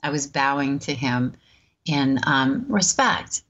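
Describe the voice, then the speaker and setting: A woman in her fifties telling a personal story in a relaxed, chatty way, laughing often and pausing with many ums. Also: rumbling low, dull audio. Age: 50s. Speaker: host. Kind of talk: storytelling talk.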